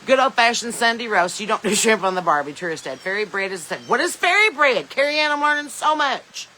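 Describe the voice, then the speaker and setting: A woman's voice: on the high side, big pitch swings, fairly quick, bright, forceful tone, rough recording. A woman podcast host with a Southern American accent, chatting casually and joking while reading viewer comments, laughing often. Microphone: phone.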